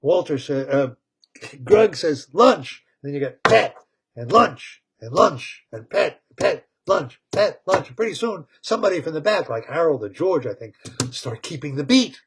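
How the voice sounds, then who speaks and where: A man retelling a story with excitement, repeating words, laughing and tripping over tongue twisters. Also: fairly high pitch, normal speed, a little hiss or hum.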